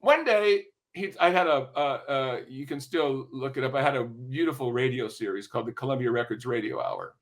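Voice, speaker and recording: An older man, a music industry veteran, telling animated, profane anecdotes in an interview and tagging his points with "right?". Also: medium pitch, fairly quick, few pauses. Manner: lively, profane, keeps checking in with "right?".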